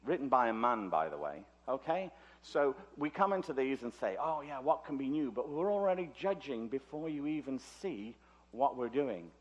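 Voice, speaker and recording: A man's voice: mid-range voice, sing-song, moderate pace. A British man, originally from Liverpool, delivers a conference lecture in a chatty, joking manner full of asides. His voice sits in a middling register. The recording sounds dull and lo-fi. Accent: British English. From Liverpool, England. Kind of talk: conference talk. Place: conference hall.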